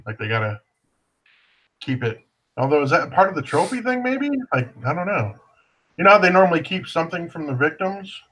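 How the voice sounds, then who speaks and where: A man's voice: on the high side, very animated, fairly quick, fairly bright tone, slight background noise, low-quality recording. A man co-hosting a podcast, talking laid-back with dry remarks in casual chat. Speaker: podcast co-host.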